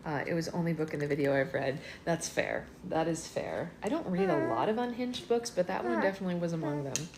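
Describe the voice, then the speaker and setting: A woman's voice: deep voice, expressive, a little fast, few pauses, a crowd in the background. A woman in her thirties with a slight cold, chatting casually as host of a live book club and reading viewer comments aloud. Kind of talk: casual livestream chat.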